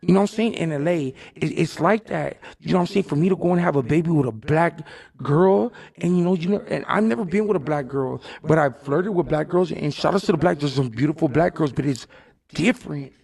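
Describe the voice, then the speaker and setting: A man's voice: fairly high pitch, a little fast, gravelly, a little mellow. A man in a casual interview, talking in a laid-back, slangy, rambling way, played from a clip. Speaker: interview guest.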